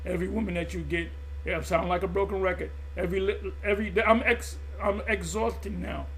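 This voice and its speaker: A man's voice: sits high, fairly even intonation, fast talker, slight background noise. A man preaching in an impassioned monologue, emphatic and repetitive, often stumbling and restarting mid-phrase. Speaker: religious group teacher.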